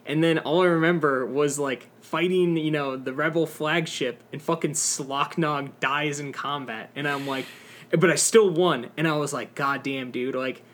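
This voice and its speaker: A man's voice: a little high, moderate pace, fairly bright tone. Rambling young man, swearing through gaming chat. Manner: rambling, swears a lot, many fillers. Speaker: podcast co-host.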